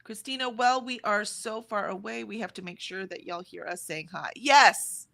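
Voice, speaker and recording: Woman in her forties, livestream co-host, bright and chatty, reads chat aloud. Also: medium pitch, normal speed, vocal fry. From Texas, USA. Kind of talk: casual chat reading out live chat.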